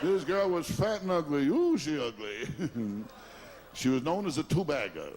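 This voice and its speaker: A man's voice: fairly high pitch, big pitch swings, measured pace, darkish tone, a faint crowd. A man doing a stand-up comedy routine, firing off brash one-liners and chuckling at his own jokes.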